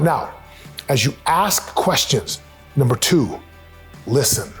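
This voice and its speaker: A man's voice: mid-range voice, expressive, slow pace, pauses often, fairly bright tone, soft background music. A middle-aged man giving an earnest, emphatic motivational talk on family advice, acting out quotes as he goes.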